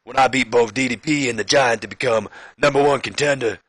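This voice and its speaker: A brash male wrestler brags and taunts in a loud, swaggering drawl, as a game commentator puts him on. The voice is bright, forceful and pitched above the speaker's own. It sounds close and dry. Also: a little fast, no echo. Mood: boastful. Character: brash, boastful male wrestler cutting a promo.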